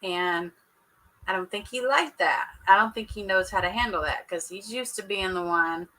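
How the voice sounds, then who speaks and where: Woman, sassy livestream chatter, bright sharp tone, lots of laughing. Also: mid-range voice, normal speed, rough recording. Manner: sassy, joking, laughs often, talks to chat. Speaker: livestream host recapping a reality show. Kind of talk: casual live chat with viewers.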